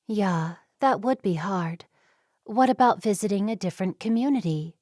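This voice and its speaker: A woman voicing a kind young Amish woman in an audiobook, speaking softly and reassuringly. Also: medium pitch, lively intonation, normal speed, no room sound, studio quality, natural voice. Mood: gentle.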